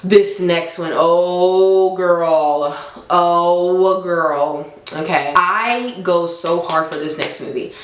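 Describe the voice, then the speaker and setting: A woman's voice: lowish voice, steady tone, extremely slow. A woman in her twenties chatting enthusiastically in a casual vlog, laughing often. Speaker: vlogger. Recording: roomy echo.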